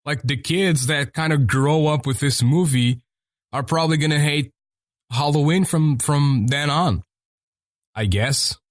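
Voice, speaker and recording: A man's voice: a little high, measured pace, no room sound, clean studio sound. A man hosting a podcast in casual chat, rambling and swearing freely as he rants. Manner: rambling and profane. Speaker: podcast host.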